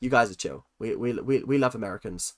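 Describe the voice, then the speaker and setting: A man's voice: mid-range voice, a little fast. A young man hosting a livestream, reading out chat comments and answering with teasing, self-mocking jokes and lots of ums. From London. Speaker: livestream host.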